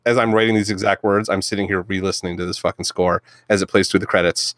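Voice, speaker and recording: A man's voice: sits low, fairly even intonation, fast, a bit bright, no echo. Sarcastic, profane man, dry sound. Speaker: podcast co-host. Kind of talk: casual movie review chat.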